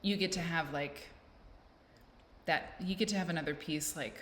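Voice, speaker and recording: A woman's voice: fairly low pitch, normal speed. A woman hosting a casual vlog, chatting in a rambling, playful, self-deprecating way. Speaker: vlog host. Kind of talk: casual chat to camera. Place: indoors at home with a fan blowing. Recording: echoey room with faint noise.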